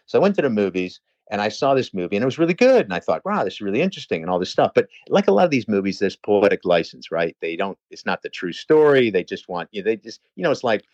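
A man telling a lively, swearing anecdote in a casual chat, talking fast. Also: on the low side, no room sound, muffled recording. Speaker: personal trainer telling a story.

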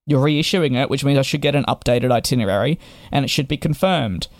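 A man's voice: medium pitch, a little fast, no echo, clean studio sound. A young man tells a frustrated storytime rant to camera. He sounds exasperated and sarcastic. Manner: exasperated and sarcastic, with repeated restarts. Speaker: travel vlogger.

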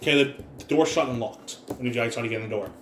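A man's voice: medium pitch, quick pace, a bit bright. A man running a tabletop game as game master, narrating scenes with stammering restarts. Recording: roomy echo, light background noise.

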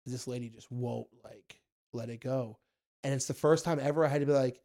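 A young man telling stories in a casual podcast chat, acting out quotes in a high voice. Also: brisk. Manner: animated storyteller, acts out quotes in a high voice. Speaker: guest, food content creator.

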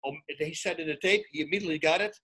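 A man, a retired fighter turned commentator, telling animated stories as a podcast guest and acting out the dialogue. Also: a little high, rapid-fire, slightly rough. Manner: excitable, acts out quoted dialogue, frequent restarts. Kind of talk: animated storytelling in casual chat.

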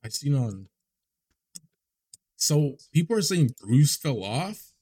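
A man's voice: medium pitch, big pitch swings, slow pace, dark tone, husky. A man co-hosting a podcast in casual chat, laid-back, swearing and laughing often. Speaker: podcast co-host.

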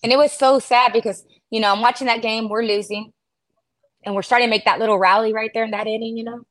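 Animated woman chatting about baseball. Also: on the high side, fast talker. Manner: animated storytelling, acts out shouting. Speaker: podcast co-host. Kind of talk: casual sports chat.

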